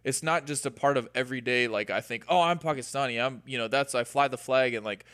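A man's voice: medium pitch, quick pace, fairly bright tone, clean tone, no echo, studio quality. A man co-hosting a podcast, speaking earnestly and laying out long examples in a casual conversation. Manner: earnest, explains with extended examples. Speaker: podcast co-host.

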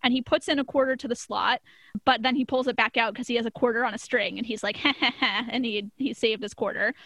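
A woman's voice: a little high, steady tone, fast, a bit bright, no echo. A woman casually recapping a cartoon episode, chatty and often laughing mid-sentence. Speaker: podcast co-host.

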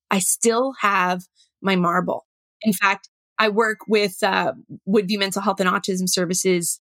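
A middle-aged woman, a workshop facilitator telling a story with animated, acted-out dialogue. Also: medium pitch, no room sound. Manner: animated, acts out dialogue in her stories. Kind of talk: storytelling talk.

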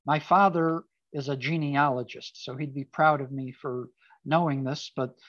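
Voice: medium pitch, fairly even intonation, moderate pace, no room sound. Informal Torah talk, dull dry recording. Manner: conversational, with casual asides and fillers. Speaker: speaker giving a Torah talk. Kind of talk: informal sermon on a Jewish text.

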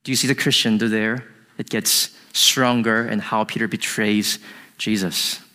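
A man's voice: lowish voice, fairly even intonation, unhurried, bright, forceful tone. A man giving an earnest, emphatic sermon to a congregation, with slightly non-native phrasing. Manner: earnest, emphatic teaching with rising intensity on quotes. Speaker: pastor. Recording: long hall reverb.

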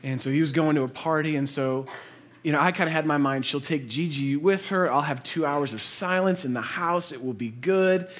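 A man in his thirties preaching a sermon as a pastor, earnest, mixing personal stories with building emphasis and quiet, low endings. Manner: earnest, builds to intense emphasis then drops soft and low; conversational storytelling with quick asides.

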